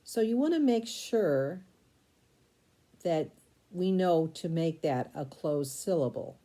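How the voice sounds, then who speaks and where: A woman teaching a recorded spelling lesson, sounding out syllables slowly and spelling words letter by letter. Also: fairly low pitch, expressive, mellow.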